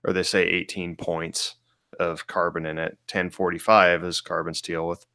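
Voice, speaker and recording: A man's voice: low-pitched, flat delivery, moderate pace, gravelly, sharp tone, no room sound, clean studio sound. A man co-hosting a casual podcast, explaining technical details with many fillers and restarts. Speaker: blacksmith co-host.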